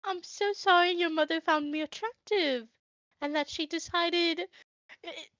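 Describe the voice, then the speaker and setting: A woman's voice: extremely high pitch, unhurried, a bit bright, no echo, dull audio, pitched above the performer's own voice. A woman voicing a flustered, fussy young male noble who dithers and rambles. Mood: dithering.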